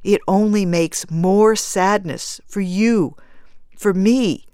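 A woman reading aloud, voicing a gentle, worried husband who coaxes his grieving wife. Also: medium pitch, takes it slowly, clean tone, no room sound, studio quality, lightly acted. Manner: gentle, coaxing.

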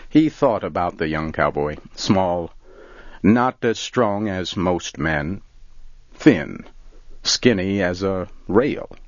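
A man reading a story aloud in a calm, measured way, in a dull lo-fi recording. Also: sits low, dry recording. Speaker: narrator.

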